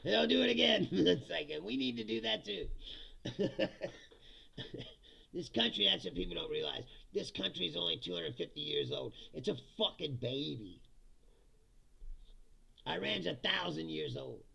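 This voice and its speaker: Gravelly, sharp-voiced ranting male host. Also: fairly high pitch, big pitch swings, moderate pace, long pauses. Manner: profane, blunt, laughs often between remarks. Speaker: live-stream commentary host. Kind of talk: casual ranting live-stream commentary.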